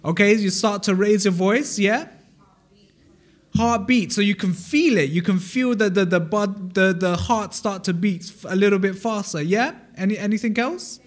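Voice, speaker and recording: A British man with a fairly high voice delivers a sermon in a church. He talks in an easy, conversational way, putting questions to the congregation and often restarting his sentences. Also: moderate pace. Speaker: pastor. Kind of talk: interactive sermon. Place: church hall.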